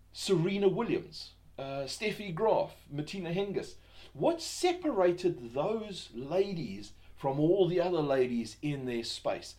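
Rambling, higher-voiced man hosting a podcast. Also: darkish tone. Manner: rambling, many fillers and restarts; rhetorical questions. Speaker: podcast host. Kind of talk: self-help podcast monologue.

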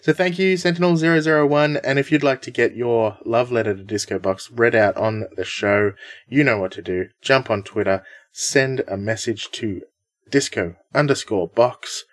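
A man's voice: medium pitch, normal speed, no room sound. A man hosting a podcast in casual chat, upbeat and chatty, laughing often. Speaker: podcast host.

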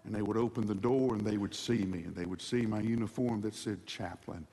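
A man preaching a sermon dramatically, moving between hushed passages and loud ones, in a large hall. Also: lowish voice, fairly even intonation, fairly quick. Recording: long hall reverb.

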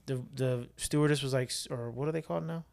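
A young man co-hosting a podcast, telling an animated story in casual chat and swearing freely. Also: medium pitch, quick pace, creaky. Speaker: podcast co-host.

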